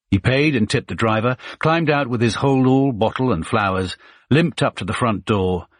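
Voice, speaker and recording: A man narrating a suspense thriller audiobook with measured, suspenseful pacing. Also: sits low, fairly bright tone, husky, no echo, clean studio sound.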